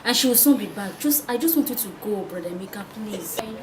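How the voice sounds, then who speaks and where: An actress with a Nigerian accent playing a timid young woman, nervous and soft as she refuses. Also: a little high, fast, lightly acted. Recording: clear background hiss.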